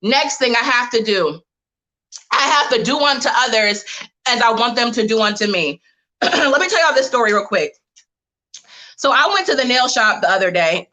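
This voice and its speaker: A woman speaking to a live online audience, mixing motivational points with personal stories in a direct, lively way. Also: a little high. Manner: lively, direct, talks straight to the audience as "y'all". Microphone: webcam or phone mic on a live stream.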